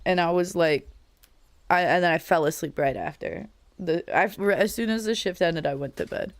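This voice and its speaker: A woman's voice: on the low side, moderate pace, dry recording. A young adult woman live streamer in casual, rambling chat with her viewers, laughing often, her voice cracking a little.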